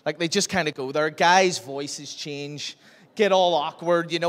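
A young man, telling a jokey, animated story to a young audience as a speaker. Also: high-pitched, normal speed. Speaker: youth speaker. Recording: echoey hall with long reverb.

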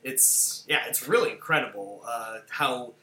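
A podcast co-host describes film scenes in fast, animated run-on explanations. The voice is mid-pitched and very bright. The recording has a noticeably echoey room sound. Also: slight background noise. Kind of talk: casual film discussion.

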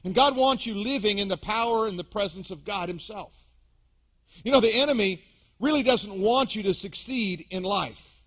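A man's voice: sits high, moderate pace, fairly bright tone. A man preaching a sermon as pastor to his congregation, with emphatic rises and drops. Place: church sanctuary.

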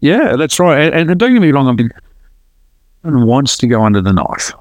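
A man's voice: mid-range voice, a little fast, no echo. A man telling his story to a podcast host in a casual, earnest way, often restarting his sentences. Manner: earnest, lively retelling with frequent restarts. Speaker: podcast guest.

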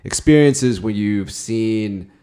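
A man's voice: lowish voice, slow, dark tone. Laid-back young man chatting casually. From Philippines, raised in Australia and Santa Barbara. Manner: laid-back, swears, laughs often. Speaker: guest. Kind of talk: casual chat.

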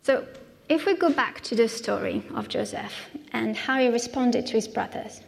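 A woman's voice: a little high, lively intonation, normal speed, gravelly. A woman from France, preaching a conversational sermon in a church and often asking "yeah?" as she goes. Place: church hall. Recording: long hall reverb.

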